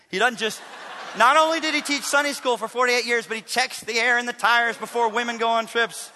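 Man, middle-aged, preaching, bright forceful tone, swings loud to hushed, long church reverb. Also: very high voice, moderate pace. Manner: animated, swings from loud emphatic to hushed and intense. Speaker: pastor. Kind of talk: sermon.

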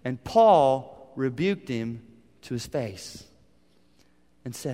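A man preaching a sermon, asking rhetorical questions and swinging between loud, pressing lines and hushed ones. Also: mid-range voice, lively intonation, takes it slowly, big-room sound. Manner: dramatic shifts from loud to quiet, rhetorical questions. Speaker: pastor.

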